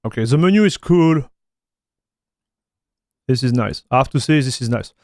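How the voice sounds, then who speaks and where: A man's voice: mid-range voice, animated, moderate pace, darkish tone, no echo, studio quality. A man with a French accent, chatting loosely on a live tech stream, with many fillers and repeated words. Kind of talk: casual livestream chat while installing software.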